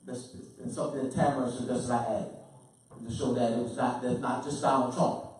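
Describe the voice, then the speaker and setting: A man giving a lecture and taking questions, halting and repetitive, then building to forceful emphasis. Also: mid-range voice, fairly even intonation. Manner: halting, repeats himself, grows forceful and emphatic. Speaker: lecturer answering audience questions. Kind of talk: lecture with audience Q&A. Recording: echoey room, voice from far off.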